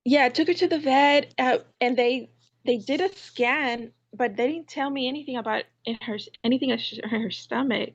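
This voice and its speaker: A woman caller from Texas, hesitant and full of ums, laughing softly. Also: high-pitched, moderate pace, dull audio. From Houston, Texas.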